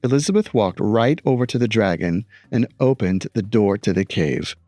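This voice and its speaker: A man teacher reading a picture book aloud with expressive storytelling and playful asides. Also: on the low side, normal speed, dry recording, faint music behind.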